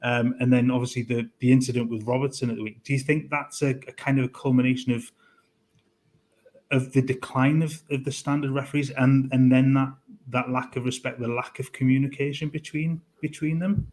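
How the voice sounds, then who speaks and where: A male host asking a guest long, halting questions with many restarts. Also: mid-range voice, flat delivery, darkish tone. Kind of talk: interviewing a guest.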